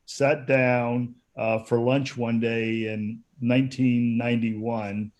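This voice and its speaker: A man in his fifties, a guest policy consultant speaking on a webinar, measured and full of hesitant fillers. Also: mid-range voice, flat delivery, darkish tone. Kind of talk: webinar talk.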